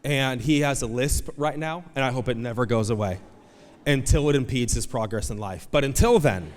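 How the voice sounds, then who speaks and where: Animated pastor shouting in a reverberant hall. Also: male voice, medium pitch. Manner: animated storytelling, acts out voices, swings from soft asides to loud shouts. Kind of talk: sermon. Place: church auditorium.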